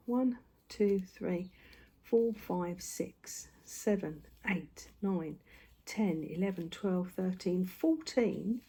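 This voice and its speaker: Speaking with a medium-pitched, dark, husky voice, an older craft vlogger chats to her camera in a home room. She's slightly out of breath and rambles, with tag questions sprinkled throughout.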